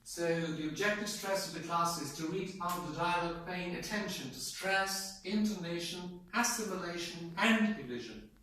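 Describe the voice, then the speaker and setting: A man's voice: sits high, pushed and bright, slight background noise. A man teaching an English pronunciation class, prompting students and drawing out example words. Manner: prompting, drawn-out model words. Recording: echoey classroom from far off.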